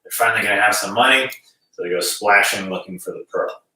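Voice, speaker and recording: A man teaching a gentle qigong class, calmly guiding breaths and movements. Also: fairly low pitch, fast. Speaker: qigong instructor. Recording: very echoey room, distant mic.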